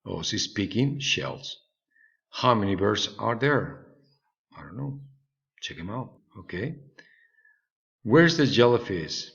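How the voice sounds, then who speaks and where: A man's voice: fairly low pitch, sing-song, slow, creaky, pauses often, fairly bright tone. A man whose first language is Spanish, patiently teaching an English lesson and checking in with "okay?" often. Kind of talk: recorded online English lesson. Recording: slightly dull lo-fi recording.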